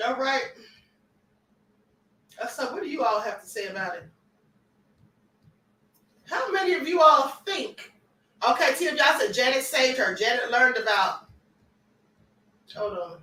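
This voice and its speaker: A high-pitched woman with a sharp, bright voice hosts a gossip livestream. She talks emphatically, repeats her points and sometimes raises her voice. She sounds set back from the mic in an echoey room. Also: expressive, a little slow, long pauses, far from the mic. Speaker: livestream host. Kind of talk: celebrity gossip commentary.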